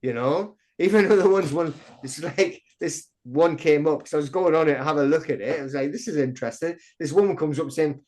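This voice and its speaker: A middle-aged man, a podcast guest telling stories in a rambling, excitable way full of restarts. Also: a little high, brisk, few pauses. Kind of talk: casual interview chat.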